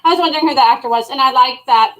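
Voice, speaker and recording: Female co-host, higher voice, outspoken, casual live review. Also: very fast, pushed and bright, low-quality recording. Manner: blunt, opinionated, swears freely.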